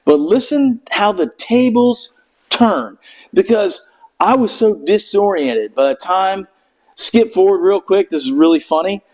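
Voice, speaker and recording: A man's voice: high voice, expressive, unhurried, poor audio. A middle-aged man with a somewhat raised voice tells a rambling story in a loose podcast chat. He swears freely and keeps slipping into impressions of the people in his tale. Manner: profane, rambling storyteller who acts out voices. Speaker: veteran telling war stories.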